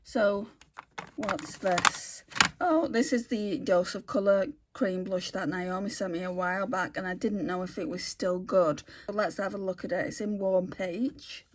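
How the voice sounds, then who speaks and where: A woman's voice: mid-range voice, fairly even intonation, a little slow, slight background noise. A woman chatting casually as she swatches makeup for a beauty vlog, thinking aloud and correcting herself as she goes. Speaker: beauty vlogger.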